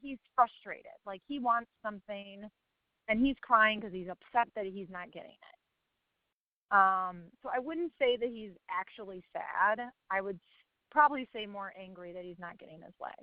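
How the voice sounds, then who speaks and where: A woman's voice: medium pitch, moderate pace, dry recording, narrow, tinny audio. Rambling mother with a nervous laugh. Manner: rambling, laughing, searching for words. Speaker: parent asking for advice. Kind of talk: casual chat.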